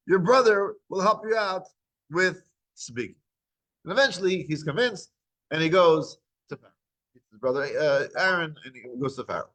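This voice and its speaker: A man teaching a weekly scripture class, retelling the text as lively back-and-forth dialogue, with frequent restarts. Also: on the high side, poor audio.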